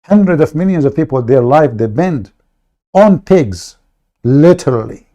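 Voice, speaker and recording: A man's voice: on the high side, expressive, unhurried, mellow. Combative man ranting on a livestream. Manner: aggressive, mocking, insulting. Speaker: livestream host. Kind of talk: heated livestream rant.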